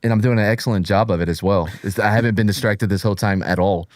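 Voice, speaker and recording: A man trading political banter on a live show, low in pitch and close to a dry mic. He jokes constantly and loses the thread as he mocks himself. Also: steady tone, fast, dry recording. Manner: joking, self-mocking, easily distracted. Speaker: podcast co-host.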